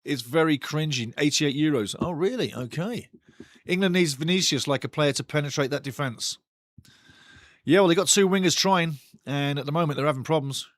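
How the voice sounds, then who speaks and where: Excitable, foul-mouthed male football watch-along host. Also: on the high side, moderate pace, no echo, studio quality. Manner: excitable, blunt and foul-mouthed, swearing freely; bursts louder at big chances. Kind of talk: casual live football commentary and chat reading.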